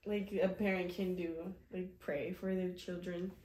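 A woman's voice: on the low side, level tone, unhurried, darkish tone, echoey room, poor audio. A woman hosting, chiming in with short agreeing remarks in casual chat. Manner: brief agreeing interjections.

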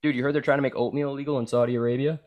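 A man's voice: mid-range voice, fairly even intonation, racing, highs cut off, slight background noise. A young man hosting a podcast, chatting in a crude, rambling way and calling his guest bro and dude. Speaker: podcast host. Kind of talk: casual chat.

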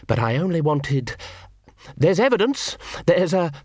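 A man's voice: fairly high pitch, sing-song, a little slow, husky, no echo, clean studio sound, voice pushed up, exaggerated voice. A man voicing a panicked male doctor who stammers and pleads in a fevered rush, in an audiobook reading. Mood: pleading.

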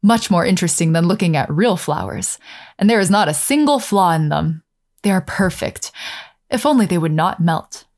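A woman's voice: lowish voice, lively intonation, moderate pace, a little mellow. A woman voicing a young boy who has turned cold and mocking, speaking in a sneering, petulant way. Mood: scornful.

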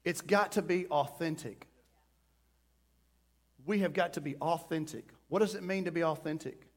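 A pastor delivers a sermon with a fairly high-pitched voice for a man. He preaches with passion, sometimes rising into loud pleading prayer and acting out quoted voices along the way. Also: moderate pace.

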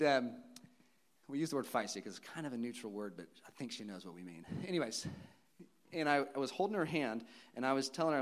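Earnest man preaching a sermon. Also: medium pitch. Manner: earnest, personal storytelling with pauses and restarts. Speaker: pastor.

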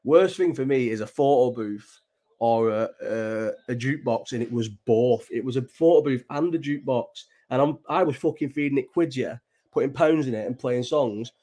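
A man's voice: medium pitch, moderate pace, warm tone. A young man from England hosting a late-night livestream, chatting in a loose, sweary, rambling way with many restarts. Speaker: livestream host. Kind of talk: casual chat.

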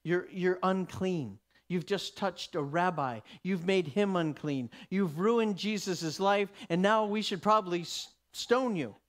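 A man's voice: high voice, unhurried, few pauses. A man preaching, voicing scandalized disciples scolding a woman in the crowd. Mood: indignant. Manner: indignant, accusing.

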